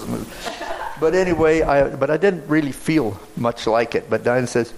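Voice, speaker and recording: An older man, a missionary pastor, telling a testimony story in a rambling, halting way with many restarts. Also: medium pitch, steady tone, slight background noise, rough recording.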